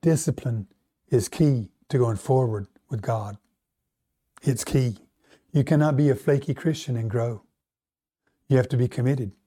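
A man's voice: medium pitch, a little slow, long pauses, mellow. A man preaching a sermon, emphatic and often asking the congregation questions. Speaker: pastor.

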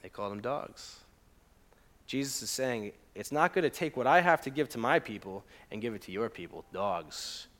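A man's voice: fairly low pitch, a bit bright. A young man preaching a conversational sermon, often asking the congregation questions and reading scripture aloud with feeling. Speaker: pastor.

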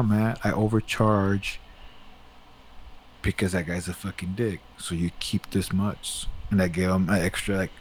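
A man's voice: on the low side, a little hiss or hum. A man casually telling a long story, rambling and swearing a lot as he gets worked up. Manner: rambling, profane, animated retelling.

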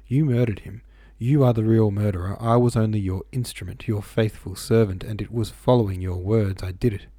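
A sly, insolent male servant speaks in a low, unhurried, insinuating way, as a man reading a storybook puts him on. His voice sits low and mellow. The sound is dry and close. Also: fairly even intonation, no echo, close to an everyday voice.

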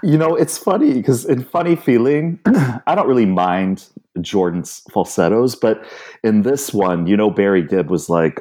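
A man co-hosts a casual podcast chat, opinionated and quick to laugh. His voice is low and mellow. His pitch swings widely as he talks. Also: lively intonation. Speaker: podcast co-host.

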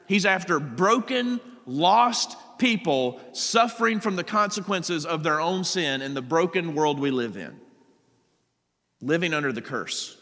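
A man's voice: a little high, pushed and bright, big-room sound. A man preaching a sermon, reading scripture passages aloud and then explaining them to the congregation. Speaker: pastor. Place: church sanctuary.

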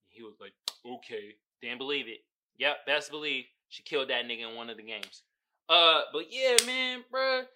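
A man hosting a podcast, casually recapping a TV series with animated, profane storytelling. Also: fairly high pitch, moderate pace, slight background noise. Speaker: podcast host.

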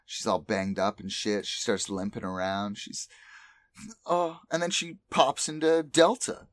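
A man's voice: fairly low pitch, measured pace. A man casually recapping an anime plot on a podcast, swearing freely as he talks. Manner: profane, animated recapping. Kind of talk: casual chat.

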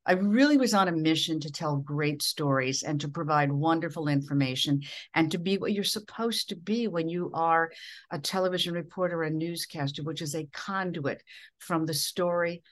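Low-voiced middle-aged woman from minnesota, earnest, keeps restarting her sentences. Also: moderate pace. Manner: earnest, with frequent restarts and quoted dialogue. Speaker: veteran television newscaster, interview guest. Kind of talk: reflective storytelling in an interview.

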